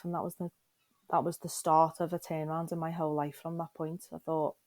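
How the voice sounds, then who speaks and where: This middle-aged woman speaks a little fast in a low, darkish, level voice, with no room sound. As a podcast guest she tells her personal story frankly and emotionally, often turning questions toward the listener.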